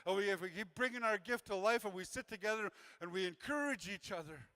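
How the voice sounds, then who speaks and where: A man's voice: high-pitched, fast, sharp tone, smooth. A man who works with youth, giving an earnest, repetitive motivational talk to a community gathering and acting out the voices of the people he quotes. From Canada. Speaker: youth worker and speaker.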